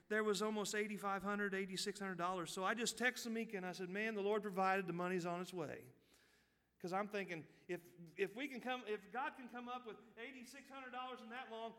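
A man preaching a sermon, telling a folksy story, dropping to quiet asides and rising to loud, fervent peaks. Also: sits high, steady tone, fairly quick, in a large hall. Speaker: pastor.

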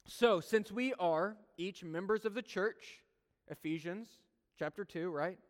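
High, resonant preaching man in a hall. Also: unhurried. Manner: earnest, conversational, with humorous personal asides. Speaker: pastor. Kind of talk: sermon. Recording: long hall reverb.

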